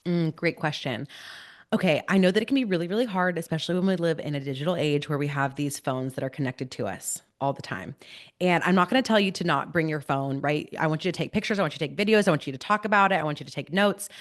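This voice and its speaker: A woman's voice: deep voice, animated, quick pace. A woman from California in her thirties, a motivational speaker chatting in an upbeat, encouraging way as a podcast guest. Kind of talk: podcast interview.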